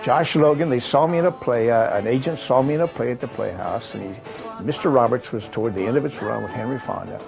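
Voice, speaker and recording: A man's voice: medium pitch, quick pace, creaky, music in the background. An older man from Kentucky, a retired actor, recalling his career in a rambling way with fillers and restarts. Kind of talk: reminiscing monologue.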